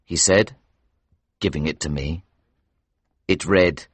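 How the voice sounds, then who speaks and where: A man reading a story aloud for English learners, slow, clear and expressive. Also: low voice, dry recording.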